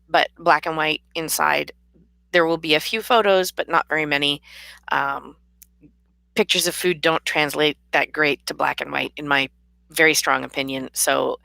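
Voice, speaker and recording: Woman, low voice, gravelly fry, bright edge, dry close sound, tired rambling chat. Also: no room sound. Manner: chatty, rambling, laughs often. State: tired, yawning. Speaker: vlogger and author. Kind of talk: casual chat to camera. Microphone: camera mic.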